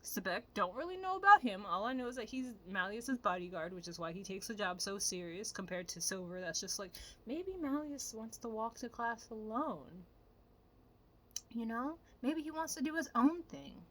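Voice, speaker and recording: A woman vlogger giving animated, profane, casual commentary straight to her viewers. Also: on the high side, moderate pace.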